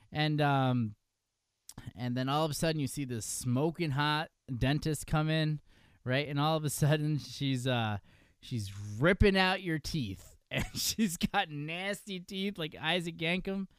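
This upstate New Yorker hosts a laid-back wrestling podcast in his New York accent, cracking jokes and laughing a lot. He speaks at a measured pace in a smooth voice on the high side, recorded clean in a studio with no echo.

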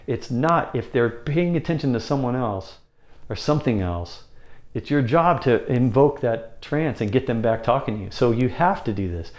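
Speaking at a normal speed with an expressive voice, this American man coaches sales or public speaking in an instructional talk to camera. His lesson is about holding attention, delivered conversationally with frequent repeated phrases, and he illustrates it with sudden changes in pace and pitch.

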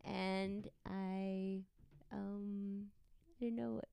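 Woman from australia, slow unhurried speech, smooth voice, giggly. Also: medium pitch, little pitch movement, mellow, no room sound. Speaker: guest. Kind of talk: self-introduction on podcast.

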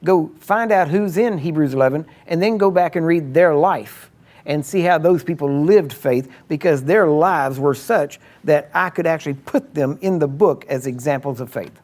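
A man's voice: a little high, moderate pace, a little mellow, natural voice. A man preacher voicing God in a retold story, speaking bluntly and firmly. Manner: blunt, commanding.

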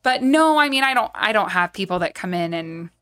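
A woman guest chatting about her work in a relaxed, conversational way. She talks in loose, looping sentences full of fillers and restarts, with an ordinary mid-range voice. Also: mid-range voice, fairly quick. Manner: chatty, lots of likes and restarts. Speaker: guest, horse trainer. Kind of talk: casual podcast conversation.

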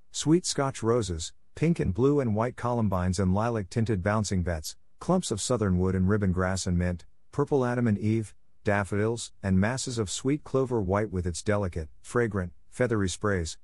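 A man's voice: fairly low pitch, no room sound. A man narrating a classic novel steadily for English learners. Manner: steady, measured reading. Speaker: audiobook narrator.

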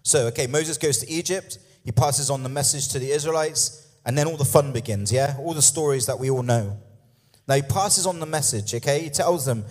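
A man's voice: medium pitch, moderate pace. A man preaching a sermon in a conversational way, with humorous asides and frequent "yeah?" and "okay?" check-ins. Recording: long hall reverb.

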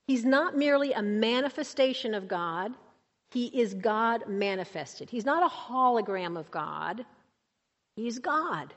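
A woman preaching a sermon to a congregation, emphatic and conversational, rising to high exclamations. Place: church. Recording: long hall reverb.

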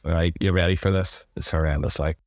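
A man's voice: deep voice, fairly even intonation, fast talker, dry recording, clean studio sound. A man hosting a podcast, chatting casually and teasing his guest. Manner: teasing, playful banter. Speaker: podcast host. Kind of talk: casual chat.

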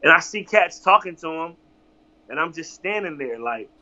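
A man's voice: on the high side, normal speed, lo-fi sound. A man from Virginia, a guest telling a story casually and with animation, swearing freely. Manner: animated, profane, acts out others' lines.

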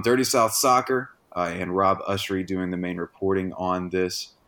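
A man hosting a casual sports podcast, joking and self-deprecating. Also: sits low. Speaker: podcast host.

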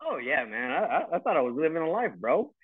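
Talking fast with big pitch swings and a breathy edge, this fairly high-pitched man is a retired army first sergeant in his forties. Over a tinny, phone-like call from home, he rants bluntly in casual chat with plenty of swearing, and there's no echo.

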